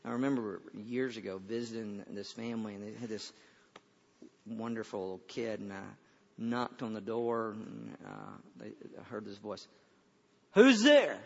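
A man's voice: lowish voice, flat delivery, normal speed, gravelly, darkish tone. Older guy pastor giving a sermon, folksy, keeps restarting words, muffled lo-fi audio. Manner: repeats words when starting a thought, folksy storytelling. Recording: dull sound with long hall reverb.

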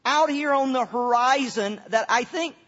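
A man preaching a sermon as a pastor, halting often and repeating words as he goes, in a church sanctuary. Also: very high voice, a bit bright. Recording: dull sound with long hall reverb.

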